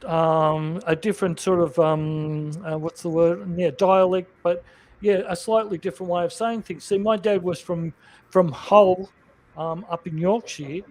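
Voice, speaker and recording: A man's voice: high voice, steady tone, a little slow, darkish tone, low-quality recording. A man with an Australian accent, chatting casually and hesitantly in an online group video call. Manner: chatty, hesitant, with many fillers. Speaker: regular of an online chat group. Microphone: computer mic on a video call.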